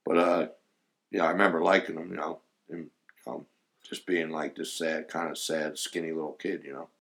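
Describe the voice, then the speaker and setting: Man, very low voice, casual storytelling, rambling, laughs often. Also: flat delivery, moderate pace, creaky, a bit bright. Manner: rambling, laughs while telling stories, frequent fillers. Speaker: former clammer recalling old times.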